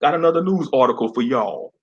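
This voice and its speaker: A man's voice: mid-range voice, lively intonation, fast, dull audio, slight background noise. A man hosting a casual online commentary stream, blunt and slangy, laughing often.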